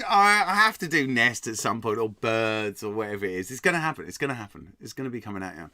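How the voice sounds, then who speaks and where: Lively English man hosting a quiz. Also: fairly low pitch, fast talker, hardly any pauses, dry recording. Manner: reads quiz items aloud, laughs often, jokes with chat. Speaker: quiz host. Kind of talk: live-stream quiz hosting, chatting with viewers.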